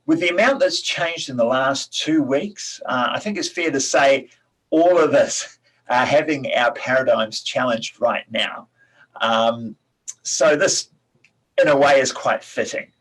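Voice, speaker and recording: A man with a slightly husky voice hosts an online talk session from a room at home. He speaks casually over a video call, filling pauses with ums and restarting his sentences. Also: medium pitch, rough recording. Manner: relaxed, chatty, many fillers and restarts. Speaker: host of a TEDx salon. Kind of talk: casual talk introducing guests.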